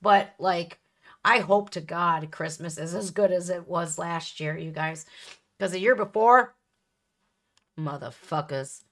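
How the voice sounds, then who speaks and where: A woman's voice: lowish voice, unhurried. A woman hosting a reaction video who talks casually to her viewers, swears freely and acts out little voices. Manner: profane, animated, acts out voices.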